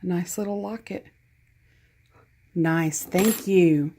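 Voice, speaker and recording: Slow, gravelly-voiced Southern woman gushing. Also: on the low side, mellow, a little hiss or hum. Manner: gushing, self-deprecating, chatty. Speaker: crafter opening a gift package. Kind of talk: casual unboxing chat.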